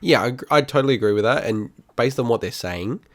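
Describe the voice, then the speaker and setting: A man's voice: medium pitch, expressive, fast, no room sound, clean studio sound. A man co-hosting a podcast, arguing his point in casual chat and laughing often. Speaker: podcast co-host.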